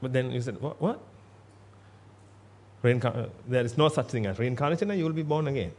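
A man's voice: mid-range voice, animated, very fast. A man giving a Buddhist sermon in a blunt, emphatic way, repeating himself for stress. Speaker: Buddhist monk.

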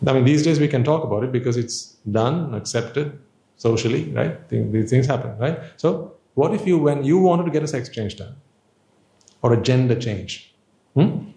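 Mellow-voiced man giving an informal teaching. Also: medium pitch, expressive, normal speed, creaky, echoey room. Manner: conversational, rhetorical questions, playful asides. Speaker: Buddhist teacher. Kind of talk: informal dharma talk.

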